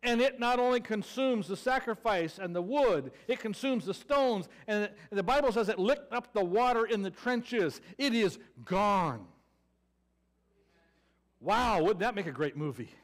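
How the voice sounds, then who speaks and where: Man, Southern American accent, preacher, high-pitched, sarcastic storytelling, acts out the quotes. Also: lively intonation, measured pace. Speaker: pastor. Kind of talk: sermon.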